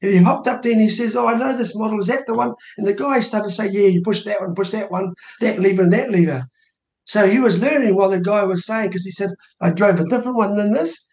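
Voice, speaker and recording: A fast-talking New Zealander in his sixties with a high voice guests on a radio show as an election candidate, telling a family story in a casual interview. He animatedly performs the voices of the people he quotes, and the recording has an echoey room sound.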